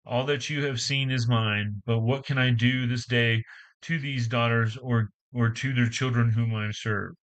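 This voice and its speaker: Man, bright voice, halting scripture reading, casual asides, restarts often. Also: mid-range voice, fairly even intonation, poor audio. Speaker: Bible reader and commentator.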